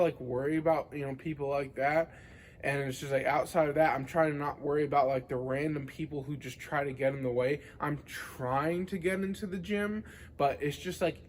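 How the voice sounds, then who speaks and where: A man's voice: fairly high pitch, slight background noise. A young man rambling casually to the camera in a vlog, full of filler words and swearing. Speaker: vlogger.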